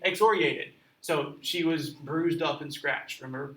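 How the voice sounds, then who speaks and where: Guy teaching a story out loud, high bright voice, asks the class stuff, sounds roomy and far from the mic. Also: a little slow. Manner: chatty, asks the listeners questions. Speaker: teacher reading and explaining a story. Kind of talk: classroom read-aloud with commentary. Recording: roomy echo, mic at a distance.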